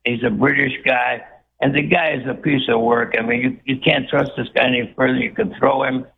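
Gravelly man over a phone line. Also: medium pitch, steady tone, brisk. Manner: blunt, scornful. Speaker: caller. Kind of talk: phone-in call. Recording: phone line with faint noise.

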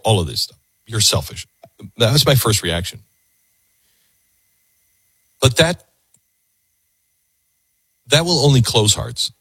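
A man hosting a call-in radio talk show, earnest and halting, often repeating his words. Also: medium pitch, a bit bright, husky, no echo.

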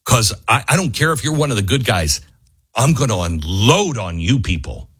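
A husky male talk radio host speaks into a studio mic with a dry, close sound. His pitch swings widely as he gets worked up, frustrated and forceful. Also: very animated, moderate pace, no echo. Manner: impassioned, frustrated, raises his voice. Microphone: studio microphone.

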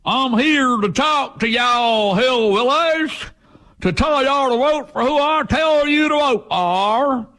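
A man putting on a pandering Southern politician, slow and showy, in a mocking impression. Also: very high-pitched, animated, bright, forceful tone, voice pushed up, full character voice. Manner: exaggerated drawl, slow and showy.

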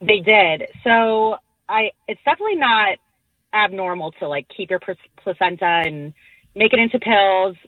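A woman calls in to a radio show over a tinny, dry phone line. She explains her story in a lively, matter-of-fact, amused way. Her voice sits at an ordinary pitch for a woman. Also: normal speed, no room sound. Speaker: caller.

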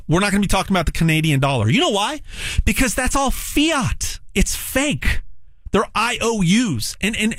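A man giving a direct sales pitch for gold, emphatic and repetitive with frequent stammered restarts. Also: a bit bright, no room sound.

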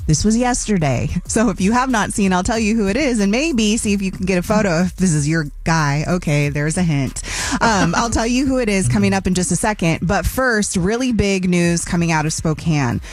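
A woman's voice: mid-range voice, lively intonation, a little fast, faint music behind. A woman co-hosting a morning radio show, running through trending news in a chatty, conversational way. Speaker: radio co-host.

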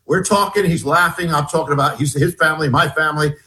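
A man being interviewed as an author, telling a story in a halting way, restarting and repeating his words as he goes. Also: on the high side, bright, forceful tone, low-quality recording. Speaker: guest author.

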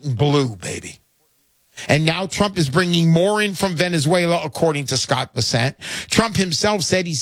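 A man's voice: high voice, no echo. A man hosting a call-in talk show, selling gold with brash, pushy salesman patter. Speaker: radio show host.

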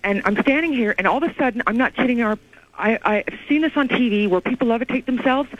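A woman calling into a radio show, telling an eerie story in an excited, rambling way over the phone. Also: on the high side, fast talker, no echo. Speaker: caller. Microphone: phone call. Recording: muffled lo-fi phone line.

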